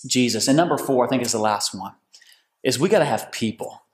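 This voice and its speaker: A pastor giving an energetic, excited sermon. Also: male voice, medium pitch, brisk.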